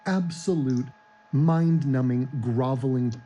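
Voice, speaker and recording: A man talking casually in a fairly high, soft and mellow voice. He rambles, restarts his sentences and plays with words. Faint keyboard typing can be heard in the background. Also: animated, normal speed, a little hiss or hum, rough recording. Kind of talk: casual stream chat.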